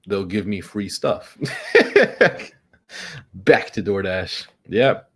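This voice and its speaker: A man's voice: fairly low pitch, very animated, drawn-out words, a bit bright, husky. A man streaming his day trading with sarcastic, joking asides while nursing a headache. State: suffering a headache. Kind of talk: casual livestream commentary.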